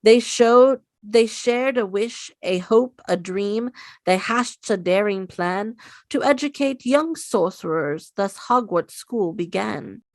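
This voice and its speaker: A woman voicing the ancient wise Sorting Hat, reciting a long rhyming poem calmly and slowly. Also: medium pitch, dry recording. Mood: storytelling.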